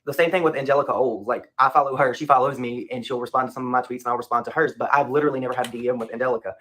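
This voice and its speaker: A man's voice: mid-range voice, steady tone, racing, a bit bright, slight background noise. A man speaking off the cuff as a commentary YouTuber, emphatic and repeating his points. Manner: casual, emphatic, repeats himself.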